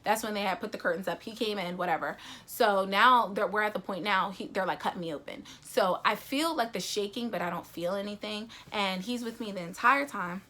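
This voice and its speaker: A woman's voice: mid-range voice, fairly quick, few pauses. A young woman vlogger telling her personal story casually, acting out quotes with lots of fillers. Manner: animated, acts out quotes, many fillers.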